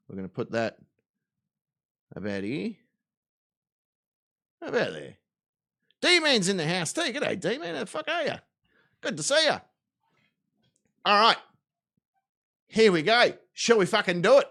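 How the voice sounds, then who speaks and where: An Australian man hosts a live stream, chatting casually and rambling through jokes while cursing a lot. His voice is a little high and a bit bright.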